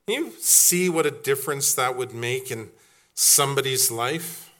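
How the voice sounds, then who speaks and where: A man's voice: mid-range voice, measured pace, fairly bright tone. A middle-aged man preaching a sermon as pastor, quizzing his congregation and acting out quoted voices. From Canada.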